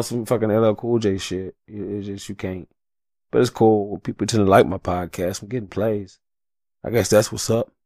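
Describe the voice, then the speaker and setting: A man's voice: low voice, gravelly, dry recording, clean studio sound. A young adult man hosting a solo podcast, talking in a passionate, profane rant full of slang. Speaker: podcast host.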